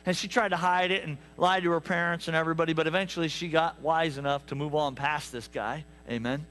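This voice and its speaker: Animated high-voiced preacher, man. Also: fast, a little hiss or hum. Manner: animated storytelling with asides to the congregation. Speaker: pastor. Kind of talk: sermon. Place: church sanctuary.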